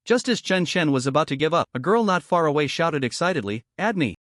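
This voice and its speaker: A male narrator reads a scripted story recap in a lively voice that sits a little high and moves a lot in pitch. The sound is dry and close, with no room in it. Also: fast, no echo.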